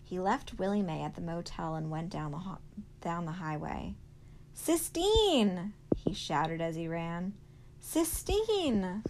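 A woman, a teacher, reading a novel aloud to her class in a steady storytelling manner. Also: low-pitched, normal speed, vocal fry, a little hiss or hum, rough recording.

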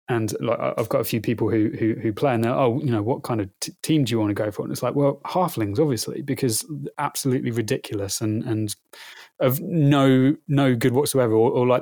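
Halting, easygoing man in his thirties. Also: mid-range voice, creaky, darkish tone, no echo, studio quality. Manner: halting, repeats words as he gathers thoughts. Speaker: podcast guest. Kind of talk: casual conversation.

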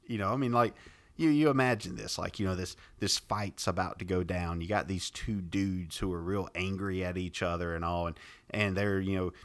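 A man's voice: sits low, steady tone, moderate pace, fairly bright tone. A man co-hosting a podcast, retelling a Bible story casually, rambling and laughing often. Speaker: podcast co-host.

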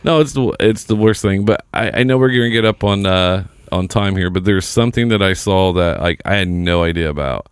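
A man's voice: low voice, fairly quick, few pauses, clean tone, no room sound, studio quality. A man co-hosting a casual chat, reading a list aloud with joking, swearing asides. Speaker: co-host.

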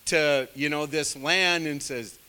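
Rambling, bright-voiced male Bible teacher. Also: fairly high pitch, slow pace, smooth, in a large hall. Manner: rambling, digressive, self-deprecating; many fillers, conversational asides. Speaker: bible study leader. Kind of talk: casual teaching sermon.

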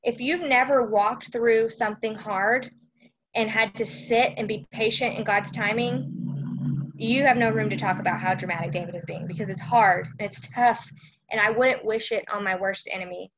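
A woman's voice: medium pitch, normal speed, fairly bright tone, dull audio, a little hiss or hum. A woman from Texas, hosting a casual devotional live stream chat and often checking in with her listeners. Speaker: host of a faith chat.

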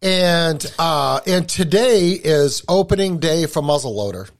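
A man's voice: on the high side, expressive, measured pace, vocal fry. A man from New England hosting a podcast, chatting in an easygoing way. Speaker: podcast host. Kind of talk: casual chat.

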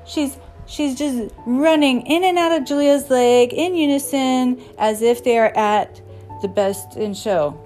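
A woman's voice: sits high, a little slow, darkish tone, faint music behind. A woman hosting an episode, telling rambling stories in a chatty, casual way and chuckling now and then. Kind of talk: casual storytelling.

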